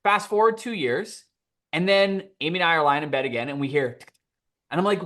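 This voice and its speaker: A man speaking as a podcast guest, telling lively stories and acting out quoted dialogue. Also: high-pitched, fast. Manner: animated, acts out quoted dialogue. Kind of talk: storytelling interview answer.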